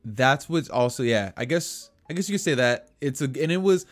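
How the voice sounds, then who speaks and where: A man's voice: mid-range voice, expressive, normal speed, soft background music. A man co-hosting a casual podcast chat, rambling with lots of fillers and restarts. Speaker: podcast co-host.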